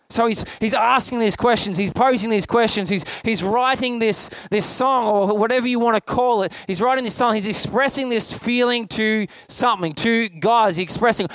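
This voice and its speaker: A male pastor preaching a conversational sermon, with joking asides, slowed-down scripture readings and repeated phrases as he explains. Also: sits high, a bit bright, dry recording.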